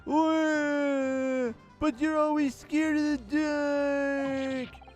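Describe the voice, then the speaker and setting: A man voicing a timid young French thief who is scared of the dark, with a high, whiny, quavering voice. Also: little pitch movement, very slow, soft background music, exaggerated voice. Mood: frightened.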